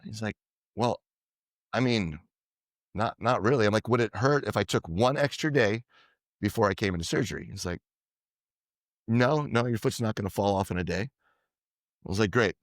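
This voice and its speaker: A man being interviewed as a podcast guest, telling lively anecdotes and acting out what others said. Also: lowish voice, moderate pace, pauses often, dry recording, studio quality. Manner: animated anecdotes, quoting others in dialogue. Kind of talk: casual storytelling interview.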